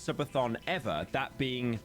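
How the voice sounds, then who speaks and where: A man giving scripted YouTube video commentary, sarcastic and jokey, with quick asides. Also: medium pitch, expressive, faint music behind.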